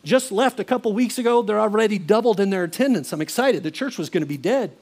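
A man's voice: sits high, animated, fast, darkish tone. A man preaching a sermon in an earnest, confessional way, acting out his own conversations with God and with a mentor. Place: church.

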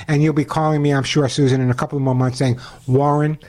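A man hosting a call-in pet advice radio show, talking quickly and chattily, often restarting as he explains. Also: medium pitch, level tone, a little mellow.

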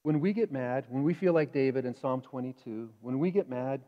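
A male pastor preaching a sermon in a conversational, animated way, asking the congregation questions. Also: medium pitch, fairly quick. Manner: animated, acts out inner voices. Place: church sanctuary. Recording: dull reverberant church hall.

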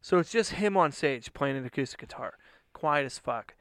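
Gravelly, bright-voiced man telling stories. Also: on the high side, moderate pace, dry recording, studio quality. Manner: animated, profane, acts out quotes loudly. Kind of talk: casual storytelling chat.

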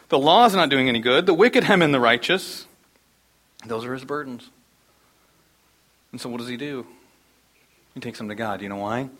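A middle-aged man preaching a sermon, telling stories with energy and sometimes dropping almost to a whisper for emphasis. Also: mid-range voice. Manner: storytelling, animated, drops to near whisper for emphasis. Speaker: pastor.

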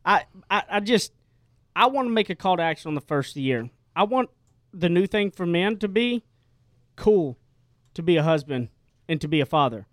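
A man with a fairly high voice hosts a casual radio talk show. He talks in a chatty, emphatic way. The studio sound is dry and close. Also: lively intonation, moderate pace, no room sound.

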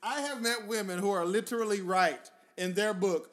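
A man's voice: high voice, moderate pace, a bit bright. A man co-hosting a podcast, blunt and profane, agreeing emphatically in casual banter. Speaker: podcast co-host.

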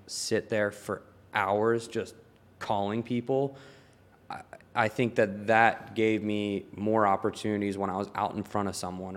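Low-voiced young man telling stories. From Maryland. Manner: animated storytelling, laughs often, swears. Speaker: guest, tailor. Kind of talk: casual podcast chat.

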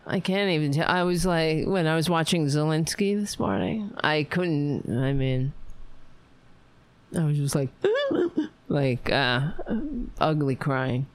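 An overtired woman hosting a livestream, rambling warmly to her viewers and signing off. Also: sits low, slow, no room sound. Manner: rambling, emotional, talks to viewers. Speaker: livestream host. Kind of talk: casual late-night livestream sign-off.

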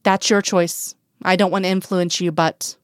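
A woman voicing a gentle, patient man who talks softly and reassuringly, in a dry, close recording. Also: lowish voice, level tone, moderate pace, clean tone, no room sound, natural voice. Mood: soothing.

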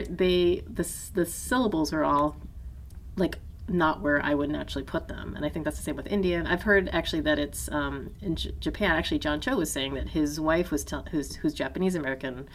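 A woman's voice: low-pitched, a little hiss or hum. A woman co-hosting a podcast in casual conversation, thoughtful and hesitant, restarting sentences and laughing often. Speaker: podcast co-host.

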